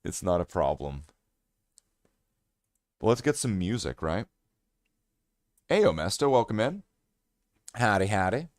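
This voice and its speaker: Casual streamer guy, low voice, dry close sound, rambles and self-mocks. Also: very animated, measured pace, long pauses, a little mellow, no room sound. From Canada. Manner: rambling, self-mocking, many fillers and restarts. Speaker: hobby streamer. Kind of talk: casual live-stream chat.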